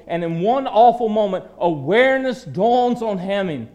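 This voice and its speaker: A man preaching a sermon in a dramatic way, dropping to a hush and then rising to loud declaiming. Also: sits high, expressive, moderate pace, few pauses.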